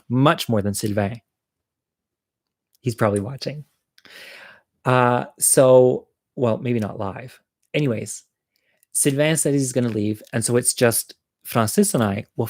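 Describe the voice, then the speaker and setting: A man's voice: mid-range voice, a little slow, pauses often, a little mellow, dry recording. A man telling a personal story to viewers over a livestream, candid and chatty, poking fun at himself and laughing at his own jokes. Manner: candid, self-mocking humor.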